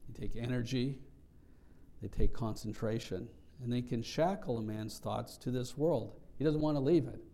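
A man preaching a sermon in a gravelly, mellow voice. He teaches in an earnest, reflective way, pausing and restarting as he works through scripture. His pitch sits in an ordinary middle range. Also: slight background noise. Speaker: pastor.

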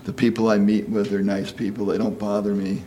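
Man, sixties, preacher, folksy conversational sermon, lower voice, faint background ambience. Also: flat delivery, brisk, mellow, slight background noise. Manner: folksy, asks "you know?" often, acts out quoted voices.

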